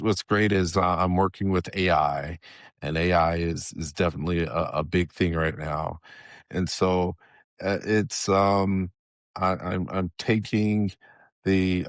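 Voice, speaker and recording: Heard in clean studio quality with no echo, this middle-aged Southern US man has a low voice. A software engineer guesting on a podcast, he talks casually in an interview but hesitates and restarts often.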